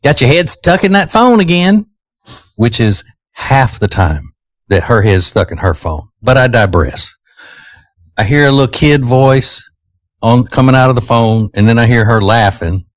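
Male morning radio host, low-pitched, self-mocking banter, close dry studio sound. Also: measured pace, no echo. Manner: joking, self-mocking, chuckles often. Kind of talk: casual morning radio chat. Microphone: studio microphone.

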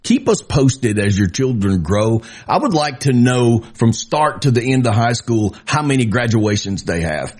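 Guy co-hosting radio, husky voice, cracking jokes and ribbing the guest. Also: mid-range voice, big pitch swings, unhurried, few pauses, a little mellow. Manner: joking, teasing banter. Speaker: radio show co-host. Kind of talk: casual chat.

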